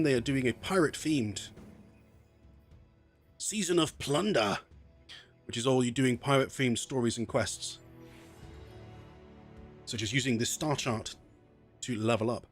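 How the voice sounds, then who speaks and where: A man's voice: mid-range voice, a little slow, long pauses, faint music behind. A man streaming a game, chatting casually and reading in-game text aloud, joking at his own expense. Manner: chatty, self-mocking, tries silly pirate accents.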